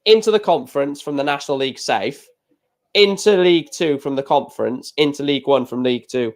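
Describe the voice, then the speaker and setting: Excitable high-voiced man reacting live. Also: fairly quick. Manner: rambling, excitable, gets emotional about football. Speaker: live stream reaction host. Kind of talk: casual live reaction commentary.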